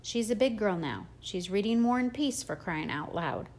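A woman voicing an impatient, teasing middle-aged father who speaks in a brisk, exasperated way, in an audiobook. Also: mid-range voice, animated, a little mellow.

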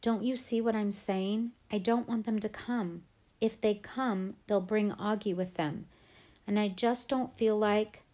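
A tearful, defensive teenage girl, as a woman reading an audiobook puts her on. She speaks in a lowish voice through her tears, apologising and pleading. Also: moderate pace, darkish tone, close to an everyday voice. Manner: defensive, then sobbing and pleading.

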